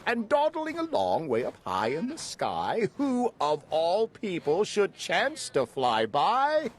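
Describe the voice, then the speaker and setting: A man's voice: high voice, slow. Sing-song man reading a children's storybook. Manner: animated, sing-song reading that acts out the characters. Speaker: storybook reader. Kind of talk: read-aloud rhyming children's story.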